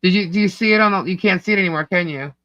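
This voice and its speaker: A man with a New York accent co-hosting a casual livestream, reading chat comments out loud in a scattered, distracted way. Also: high-pitched, racing, highs cut off. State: hiccups. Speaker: livestream co-host. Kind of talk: casual live-stream chat.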